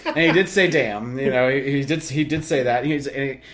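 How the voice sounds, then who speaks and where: A man co-hosting a casual comedy podcast, telling stories and breaking into shouted impressions of his parents. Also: medium pitch, brisk, crowd noise. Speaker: podcast co-host.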